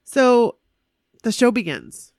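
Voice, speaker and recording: A woman excitedly recounting a concert to a friend in casual chat, gushing and animated. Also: a little high, takes it slowly, no room sound, clean studio sound. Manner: animated, gushing fan storytelling.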